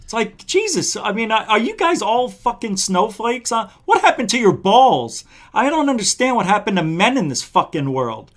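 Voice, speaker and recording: A man's voice: sits high, fairly bright tone. A man hosting a live panel show, defending himself in a heated, swearing argument. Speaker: channel host.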